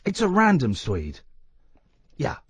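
A man's voice: on the high side, huge pitch swings, slow, slightly rough, no room sound. A man hosting a radio phone-in, talking casually, rambling and correcting himself with a playful streak. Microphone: studio microphone.

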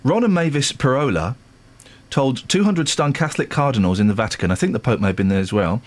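A man's voice: mid-range voice, fast. A man hosting a radio show, joking and teasing his co-hosts in casual chat. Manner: jokey, teasing and animated.

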